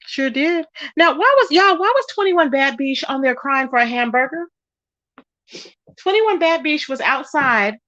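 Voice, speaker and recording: A woman hosting a casual livestream, gossiping and reading out chat comments in an animated way. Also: a little slow, no room sound, highs cut off. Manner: animated, quotes people with rising pitch. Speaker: livestream host.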